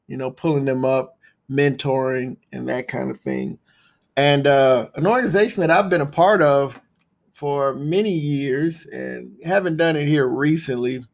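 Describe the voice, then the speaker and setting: A man's voice: mid-range voice, gravelly. A man hosting a recurring segment, speaking in a casual motivational monologue. He repeats phrases for punch and talks in laid-back slang, often saying "man.". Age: adult with a son.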